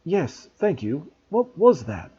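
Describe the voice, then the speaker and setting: Brief: a man reading a curious schoolboy wizard, raised and earnest, husky lo-fi. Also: a little high, big pitch swings, slow, dark tone, heavily acted. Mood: puzzled. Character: startled young schoolboy wizard.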